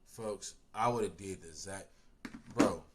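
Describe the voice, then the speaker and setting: A young man reacting to a video in casual commentary, loud and animated, riffing in heavy slang and profanity. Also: deep voice, slow.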